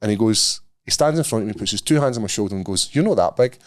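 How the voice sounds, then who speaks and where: A man's voice: on the low side, racing. Swearing Scottish man telling a story. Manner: animated storyteller, swears freely. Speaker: podcast co-host. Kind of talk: casual chat.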